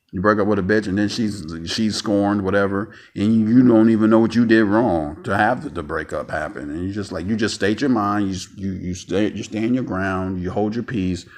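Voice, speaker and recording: A man's voice: on the low side, normal speed. A man ranting angrily in a vlog monologue, profane and stammering, repeating himself and sounding emotionally tired.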